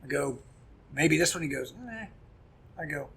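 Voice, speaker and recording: Gravelly man telling a rowdy story. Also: on the high side, a little slow, long pauses. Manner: animated, profane, acts out quoted dialogue. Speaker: podcast guest, punk musician. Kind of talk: casual storytelling chat.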